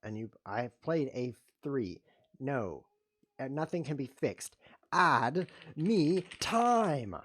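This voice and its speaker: A man hosting his own show, commentating his chess games with playful mock-outrage, muttering one moment and loudly protesting the next. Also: medium pitch, animated, slow pace. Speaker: host. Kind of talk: live chess game commentary.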